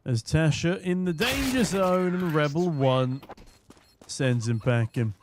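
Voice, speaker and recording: A hoarse young man casting an esports match from a booth, with quick, joking play-by-play. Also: on the high side, lively intonation, slight background noise. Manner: quick, jokey, punning play-by-play. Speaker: esports caster. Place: casting booth at a live event.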